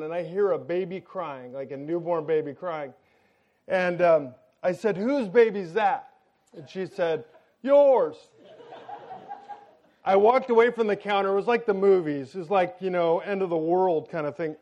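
A high-pitched man tells a story from the pulpit, lively and chatty, turning to his listeners again and again. The recording sounds dull and lo-fi. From United States. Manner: animated storyteller, talks to the audience directly. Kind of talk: storytelling sermon to a congregation.

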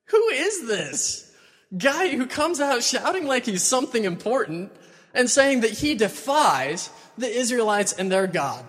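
Man doing a young shepherd, eager, incredulous questions, high voice, hall echo. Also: sing-song, a little slow, a bit bright, heavily acted. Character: eager young male shepherd, indignant and curious. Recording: long hall reverb.

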